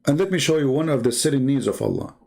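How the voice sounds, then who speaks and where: Gravelly-voiced man mocking with rhetorical questions. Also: mid-range voice, animated, fast talker, darkish tone. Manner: non-native English grammar. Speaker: Christian debater. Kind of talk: argumentative debate talk.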